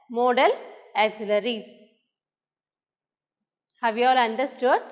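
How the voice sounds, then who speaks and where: Woman, Tamil English accent, grammar teacher; high-pitched, unhurried dictation, reverberant hall sound. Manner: very slow and deliberate, dictating examples word by word. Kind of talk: classroom grammar lesson. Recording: roomy hall with long echo.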